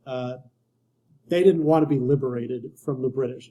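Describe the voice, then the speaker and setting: A man's voice: mid-range voice, fairly even intonation, moderate pace, warm tone, low-quality recording. A man giving a casual history lecture to students, conversational and wry, often restarting his sentences. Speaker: history teacher.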